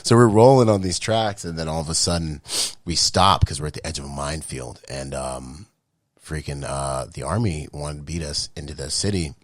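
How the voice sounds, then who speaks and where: A man in his late thirties, a military veteran guest, telling a story in casual, slangy, animated talk and acting out voices and sounds. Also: very deep voice, moderate pace, no echo, clean studio sound. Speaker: podcast guest, Marine veteran.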